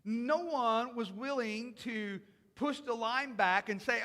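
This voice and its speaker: A man preaching in a church with a very high, bright, forceful voice that rings out in a hall with a long reverb. He breaks into imagined voices and builds to loud, emphatic passages. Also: slow pace. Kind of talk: sermon. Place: church sanctuary.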